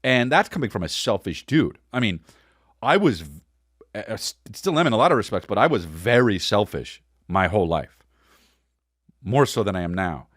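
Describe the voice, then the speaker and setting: A man's voice: on the low side, sing-song, moderate pace, a bit bright, no echo, studio quality. A man hosting a podcast, telling a casual comic story in a rambling way with stammered restarts and crude words. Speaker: podcast host.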